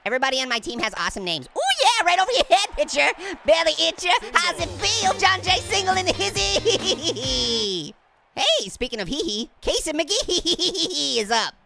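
Game music plays as a man, heavily acting, voices a giggly, hyper male orange that taunts and makes puns in comedic let's-play commentary. The mood is giddy, and the gravelly, high cartoon voice is sing-song at a moderate pace.

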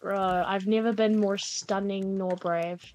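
A woman bantering during co-op gameplay, teasing her partner with deadpan jokes, often quiet and drawn out. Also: mid-range voice, measured pace, rough recording. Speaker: co-op gaming partner. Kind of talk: casual multiplayer gameplay banter.

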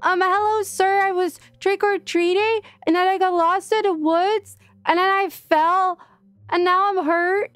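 Here is a stammering lost girl, hurt and desperate, pleading in a high small voice, as a woman puts her on in a video game. Faint music plays under her. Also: fairly even intonation, a little slow, a bit bright. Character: lost scared young girl trick-or-treater. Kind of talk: playing a character in a video game.

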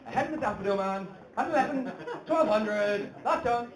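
A woman calling a live charity auction, brisk and upbeat, teasing the bidders. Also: on the high side, lively intonation, background noise. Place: indoor event hall. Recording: echoey hall with chattering crowd.

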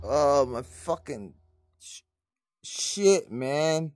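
A man's voice: a little high, expressive, very slow, darkish tone, faint music behind. A drunk man with the hiccups, cursing and muttering to himself while playing a VR game. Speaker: gamer. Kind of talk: profane gameplay commentary.

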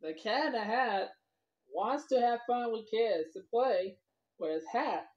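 A woman's voice: a little high, animated, a little slow, darkish tone. A woman vlogger telling a children's story, rambling loosely and talking to the kids as boys and girls. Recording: dull lo-fi recording.

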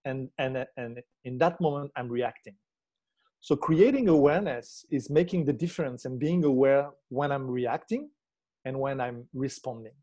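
A man's voice: medium pitch, normal speed, mellow, highs cut off. A man, a relationship coach, explaining his ideas reflectively in an interview and checking in with the listener as he goes. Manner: reflective, checks in with tag questions.

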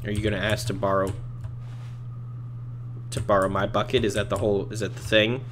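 A man's voice: lowish voice, level tone, a little fast, noisy background. Sarcastic man commenting on a game. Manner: sarcastic, bursts into incredulous outbursts. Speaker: let's play gamer. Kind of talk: casual gaming commentary.

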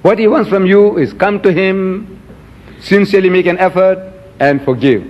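In a reverberant hall, a man gives an emphatic religious lecture to an audience, quoting scripture as his voice swings dramatically. His voice is high and his pace normal. The archive recording is dull and lo-fi.

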